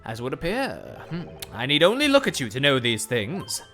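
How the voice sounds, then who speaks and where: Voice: mid-range voice, huge pitch swings, normal speed, fairly bright tone, faint music behind. A streamer voicing a pompous, eccentric male Victorian detective in a theatrical, grandiose way, reading game dialogue aloud. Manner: theatrical, grandiose and self-satisfied.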